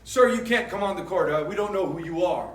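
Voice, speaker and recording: A man voicing a stern stadium security guard who turns someone away in a flat, dismissive tone. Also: high voice, fairly quick, voice pushed down, close to an everyday voice. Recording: roomy echo from far off.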